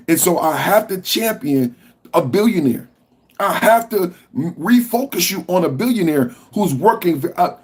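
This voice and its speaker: Husky, impassioned male podcast host. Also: a little high. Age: adult with a school-age son. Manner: impassioned, profane, rising to shouts. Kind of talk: political commentary podcast.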